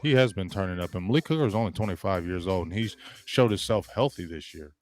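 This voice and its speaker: A man hosting a live sports talk stream, loud and emphatic, ranting and greeting viewers in the chat. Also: low-pitched, fast, soft background music. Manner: trash-talking, loud and emphatic, greets chatters. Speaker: sports show host.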